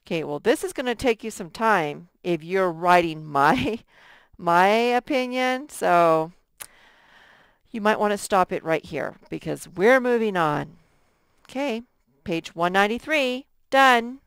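A woman's voice: on the low side, animated, unhurried, vocal fry, clean tone, no room sound, studio quality. A woman teaching a recorded first grade lesson, patiently sounding out letters and stretching words for young students.

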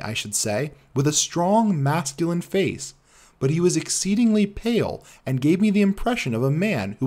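A man narrating a classic detective story as an audiobook in an expressive storytelling manner. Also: fairly high pitch.

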